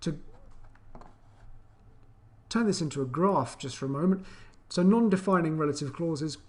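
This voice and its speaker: A man teaching an online English grammar lesson, chatty, with many fillers and restarts, acting out intonation as he explains. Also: normal speed. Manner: acts out intonation with animated pitch.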